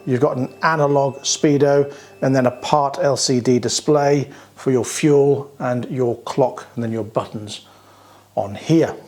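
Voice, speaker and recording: A man's voice: mid-range voice, darkish tone. Chatty British man reviewing scooters. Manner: chatty, plain-spoken, pointing things out. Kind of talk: casual product walkaround review.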